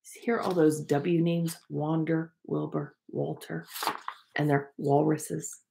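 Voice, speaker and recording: A woman reads a picture book to preschoolers at a very slow, unhurried pace. Her voice sits a little low, and she pauses to ask the children gentle questions. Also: flat delivery, creaky. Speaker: preschool teacher.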